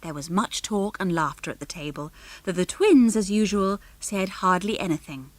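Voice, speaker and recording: A woman narrating an audiobook with clear, measured storytelling into a close studio microphone. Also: lowish voice, no room sound. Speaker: audiobook reader. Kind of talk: scripted narration.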